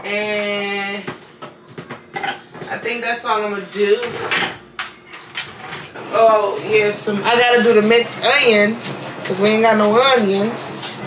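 A woman's voice: mid-range voice, level tone, slow pace, long pauses, background noise. A young woman chatting playfully to viewers while cooking dinner in her home kitchen, sounding sleepy with a slightly worn voice. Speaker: vlogger. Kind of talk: casual cooking vlog.

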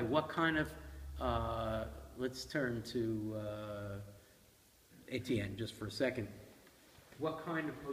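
A man leading a classroom poetry discussion, quizzing students with a lively, playful manner. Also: mid-range voice. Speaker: seminar leader. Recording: echoey room from a distance, faint hiss.

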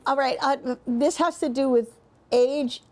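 An older woman with a slightly raised pitch co-hosts a film review in casual chat. She teases her partner with a playful, chatty manner, recorded in a production studio. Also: measured pace, darkish tone.

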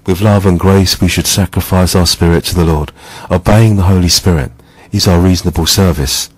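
A man preaching a scripted sermon, reading scripture quotes in a measured, steady devotional way. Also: low voice, husky, no echo, rough recording.

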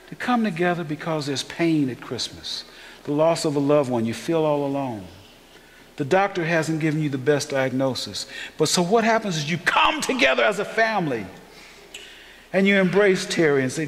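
Guy pastor preaching casual-like, asks the folks questions, gets fired up, a bit high voice, big echoey church. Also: lively intonation, moderate pace. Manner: conversational, asks the congregation questions, grows more emphatic. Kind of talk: informal sermon. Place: church sanctuary. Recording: echoey church hall, faint background hiss.

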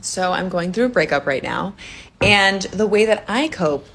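A woman's voice: mid-range voice, expressive, normal speed, fairly bright tone. A young woman telling a personal story to camera in a chatty, dramatic way, full of likes.

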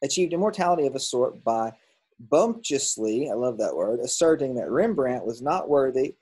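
A man works through workbook answers aloud during a grammar lesson, thinking out loud and correcting himself along the way. His mid-range voice is very animated and slightly rough, at a normal speed, on a low-quality recording.

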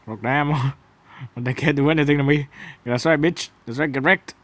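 A young man doing a casual voice-over of his gameplay, swearing, laughing and shouting in disbelief between low, mumbled asides. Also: a little fast, no echo. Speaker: gameplay commentator.

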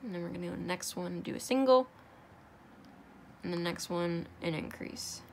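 A woman's voice: on the low side, moderate pace, creaky, a little hiss or hum. A young woman at home giving a casual, step-by-step craft tutorial, chatty and correcting herself as she works. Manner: chatty, self-correcting, talks while working. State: out of breath.

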